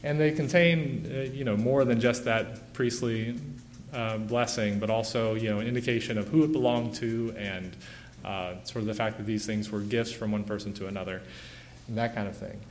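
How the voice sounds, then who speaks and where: A man's voice: lowish voice, moderate pace, slight background noise. Man giving a casual slide lecture. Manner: relaxed, many fillers like "uh" and "you know". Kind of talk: informal illustrated lecture.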